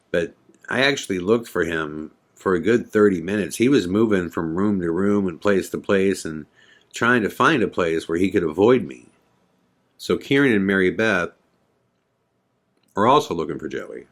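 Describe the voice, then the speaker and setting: Deep-voiced man telling a tense story. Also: fairly bright tone. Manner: intense, regretful retelling with swearing. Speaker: podcast host. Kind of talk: first-person storytelling.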